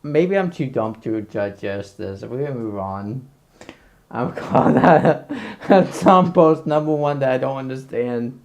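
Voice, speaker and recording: A man giving casual reaction commentary as a content creator, rambling, excitable and swearing a lot. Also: mid-range voice, measured pace.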